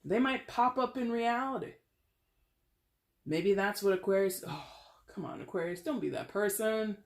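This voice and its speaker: Chatty tarot reader, mid-pitch voice, playful and a bit dramatic, echoey room. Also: moderate pace, gravelly. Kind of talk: casual tarot reading monologue. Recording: roomy echo.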